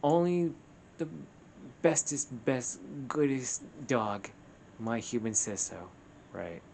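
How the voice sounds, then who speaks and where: A man voicing an excitable, friendly male pet dog in a video game, reading its lines with eager, bubbly delivery over background noise. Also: medium pitch, slow pace. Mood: excited.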